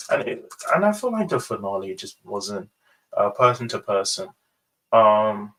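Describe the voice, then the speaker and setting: A man hosting a casual ranking review, rambling and hesitant with many pauses and fillers. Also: on the low side, fairly bright tone, distant mic, rough recording. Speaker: host.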